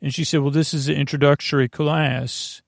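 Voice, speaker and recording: A man hosting a sleep podcast, telling meandering, self-deprecating stories with many restarts and fillers in a creaky voice. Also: on the high side, level tone, moderate pace, dry recording, studio quality. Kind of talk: rambling bedtime monologue.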